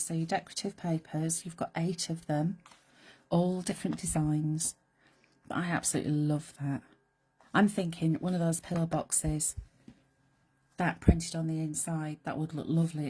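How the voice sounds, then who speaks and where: A chatty, playful woman talks viewers through a craft project live from her studio, now and then slipping into soft whispered asides. Her voice is fairly low and mellow with a husky edge. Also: little pitch movement, moderate pace. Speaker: crafting presenter.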